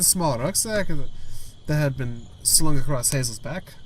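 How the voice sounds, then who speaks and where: A man's voice: mid-range voice, animated, a little slow, slight background noise. A man hosting a gaming video, reading a story game aloud with stumbles, restarts and side comments.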